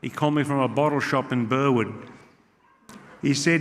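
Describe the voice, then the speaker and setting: An Australian man with a mid-range voice does brash, punchy stand-up, working a live crowd in a big club hall. He speaks at a moderate pace with long pauses, and the hall's long reverb carries faint crowd noise.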